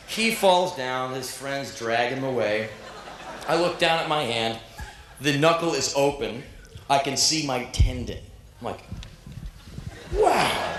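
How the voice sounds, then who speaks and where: A man in his thirties performing live spoken word, telling a story in an animated, profane, self-mocking way and acting out the voices of others. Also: mid-range voice, a little slow, echoey room, a little hiss or hum. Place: stage before a live audience.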